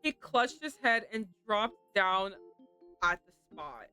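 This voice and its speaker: Bright, animated woman streamer. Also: medium pitch, slow pace, faint music behind. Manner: animated, laughing, dramatic outbursts. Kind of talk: game playthrough with commentary and read-aloud translation.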